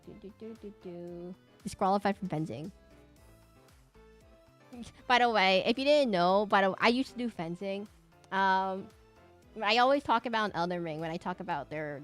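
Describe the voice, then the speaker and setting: A woman streamer chatting casually while she draws, with a slight lisp and fast, tumbling speech full of restarts. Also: mid-range voice, fairly bright tone.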